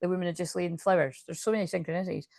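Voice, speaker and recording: A woman's voice: on the low side, fairly even intonation, rapid-fire, gravelly, darkish tone, no echo, studio quality. A woman doing a casual tarot card reading to camera, chatty and rambling, often interrupting herself with asides.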